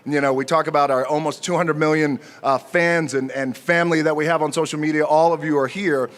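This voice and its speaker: A man in his forties giving an unscripted acceptance speech at an outdoor ceremony, joking and pausing often with fillers. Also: fairly high pitch, fairly even intonation, a bit bright. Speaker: speaker at an outdoor honor ceremony.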